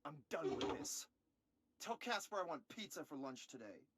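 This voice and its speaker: A man's voice: a little high, normal speed, slightly rough, exaggerated voice. An actor voicing a withdrawn, resentful young man who sighs through questioning in a video game. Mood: curt. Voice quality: sighing, flat and resentful. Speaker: interviewee.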